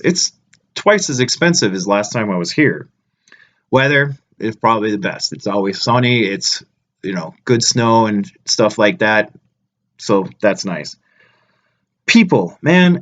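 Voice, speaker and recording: A man talking casually to camera as a travel vlogger, blunt and ranting with plenty of swearing. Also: medium pitch. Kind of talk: casual vlog chat to camera.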